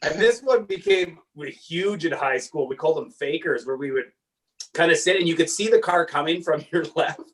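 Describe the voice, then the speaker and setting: A man's voice: a little high, normal speed, recorded from a distance, poor audio. A man from Saskatchewan, a comedian guest, telling rambling, self-deprecating stories in casual podcast chat. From Saskatchewan, Canada. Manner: rambling, self-deprecating storyteller, acts out quotes loudly.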